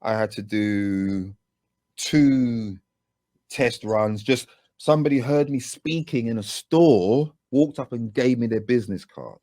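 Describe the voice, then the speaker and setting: A man with a British accent recounts stories in an animated, chatty way. His mid-range voice sounds close and dry, with no room around it. He talks as a guest in a relaxed conversation. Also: mid-range voice, takes it slowly, no room sound. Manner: animated anecdotes with lively asides and laughs. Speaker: guest, music producer and voice actor. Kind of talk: casual interview storytelling.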